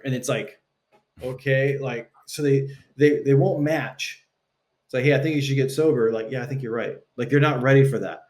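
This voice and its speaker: A man's voice: medium pitch, normal speed. Young texan guy on a podcast, chatty, acts out little dialogues, swears a bit. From Texas, US. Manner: animated, acts out quoted dialogue, swears casually. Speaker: podcast guest, coach. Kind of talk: casual conversational interview.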